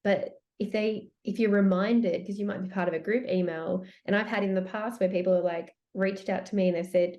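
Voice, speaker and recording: Chatty woman with a mellow voice. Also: medium pitch, lo-fi sound. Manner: chatty, animated, quick restarts. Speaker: podcast guest, branding expert. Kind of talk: casual podcast chat.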